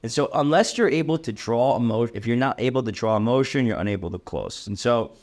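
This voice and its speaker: A young adult man giving a sales training talk, energetic and emphatic, acting out cold call lines as he coaches. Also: medium pitch, a little fast.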